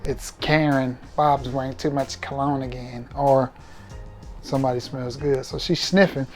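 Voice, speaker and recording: A man's voice: mid-range voice, steady tone, measured pace, faint music behind. A man from Alabama with a Southern American accent, reviewing fragrances in a chatty, joking, self-assured way. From Alabama, USA. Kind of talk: casual storytelling vlog.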